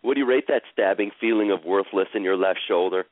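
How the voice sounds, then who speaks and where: A man guides a caller through a live coaching session, speaking slowly and soothingly and repeating his phrases. His voice comes through a thin, tinny, phone-like line. The sound is dry and close. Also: fairly low pitch, dry recording. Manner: slow, soothing, repetitive guidance.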